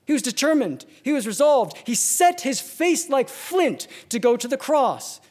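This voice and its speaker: A man preaching a sermon, swinging from ringing emphasis to hushed near-whispers, with slow, deliberate repetitions. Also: very high voice, big pitch swings.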